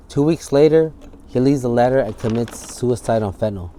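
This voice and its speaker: Man with an average-pitched voice, giving a candid interview, acting out the scenes and swearing as he goes. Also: fairly quick, warm tone, slight background noise. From San Francisco Bay Area. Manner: vivid storytelling, acts out scenes, swears freely.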